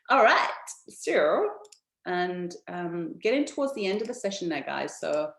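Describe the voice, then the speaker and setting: A chatty woman hosts a live webinar and pitches her business with upbeat energy, laughing often and speaking straight to her viewers. Her voice sits a little low for a woman. The room has a noticeable echo. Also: sing-song, a little slow, gravelly. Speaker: business founder hosting an online info session.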